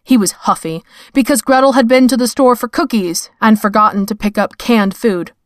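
A woman reading fiction aloud in a measured, wry storytelling manner. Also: fairly high pitch, no room sound, clean studio sound. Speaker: narrator. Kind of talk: scripted fiction narration.

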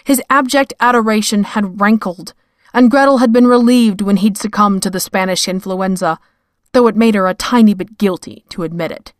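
A woman reading fiction aloud in a measured, wry storytelling manner. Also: medium pitch, no echo, studio quality. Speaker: narrator. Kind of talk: scripted fiction narration.

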